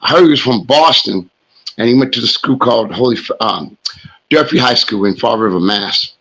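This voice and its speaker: A middle-aged man hosting a sports show, hoarse and telling rambling stories in a casual monologue. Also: medium pitch, normal speed, fairly bright tone, low-quality recording. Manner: rambling storyteller, talks smack.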